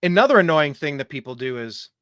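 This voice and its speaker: A man hosting a talk show rants about clips in a lively, sing-song voice that leaps up and down in pitch. He sits a little high for a man and mocks what he hears, slipping into silly voices. The sound is close and dry, with no room around him. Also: fast talker, clear, resonant tone, no echo. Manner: animated, mocking, does voices while ranting. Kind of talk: opinionated commentary over clips.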